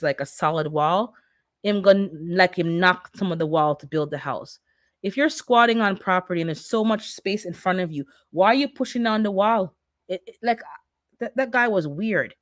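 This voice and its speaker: Livestream host: Jamaican woman, fairly low voice, casual chatty storytelling. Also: moderate pace. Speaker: gardening channel host.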